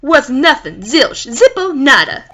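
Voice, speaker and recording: Woman putting on a haughty male villain, grandiose, sneering, big swooping delivery, bright edge. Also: sits high, big pitch swings, a little slow, exaggerated voice. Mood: gloating. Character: pompous scheming male company boss.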